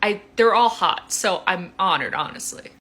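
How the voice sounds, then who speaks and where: A woman's voice: medium pitch, expressive, bright, forceful tone. A young woman giving playful, casual reaction commentary as a video creator. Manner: chatty and playful, quick asides.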